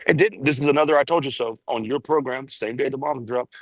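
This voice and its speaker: A man's voice: mid-range voice, brisk, no echo, rough recording. A man working as a Washington correspondent, giving blunt, emphatic political takes.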